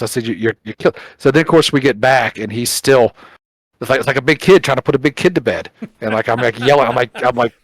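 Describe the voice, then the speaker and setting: A middle-aged man co-hosting a chat show, telling an animated story, acting out quotes and swearing casually. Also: mid-range voice, fairly quick, no echo, low-quality recording. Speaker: podcast co-host.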